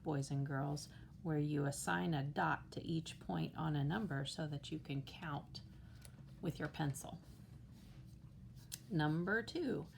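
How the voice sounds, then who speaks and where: A woman teacher explains a worksheet to children in a slow, patient way, counting out loud. Her voice sits low with a gravelly edge. Faint noise hums behind her.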